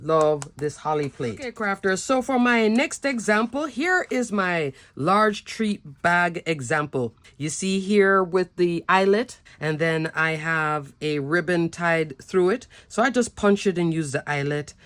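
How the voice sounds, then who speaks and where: A woman's voice: on the low side, expressive, a little slow, hardly any pauses, fairly bright tone, no room sound. A woman showing her handmade holiday cards and treat bags, talking enthusiastically in a chatty product demo. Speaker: papercraft design team member.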